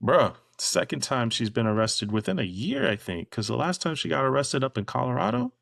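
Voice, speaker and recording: Gravelly man telling a story. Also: fairly quick, no echo, clean studio sound. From Florida. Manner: animated storytelling, mimics people in a high voice. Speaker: podcast co-host. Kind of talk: casual chat.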